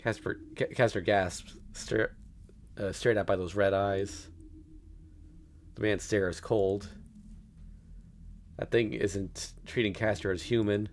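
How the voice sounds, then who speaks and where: A man's voice: fairly low pitch, steady tone, slow, long pauses, slight background noise. A man streaming a read-aloud of a visual novel, narrating steadily with small stumbles and laughs.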